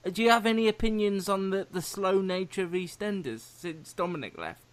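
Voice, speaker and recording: A man's voice: high voice, normal speed. A man hosting a casual chat, playful and teasing. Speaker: host.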